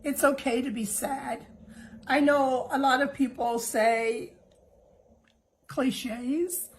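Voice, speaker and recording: A middle-aged woman talks straight to her listeners in a heartfelt monologue, her somewhat high voice soft and reassuring. She takes her time, leaving long pauses between thoughts. She sounds emotional and close to tears. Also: steady tone, slight background noise, poor audio. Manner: gentle, unhurried, reassuring. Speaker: host.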